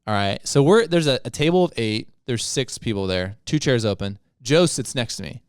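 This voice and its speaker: A man's voice: medium pitch, lively intonation, moderate pace, clear, resonant tone, no echo, clean studio sound. A young man co-hosting a podcast, telling stories in casual chat and laughing often. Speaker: podcast co-host.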